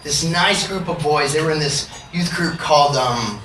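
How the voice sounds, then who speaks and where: A man's voice: a little high, normal speed. A man telling profane, joking stories to a concert audience between songs and acting out the people in them. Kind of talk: storytelling to a live audience. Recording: roomy far-off live recording with crowd noise.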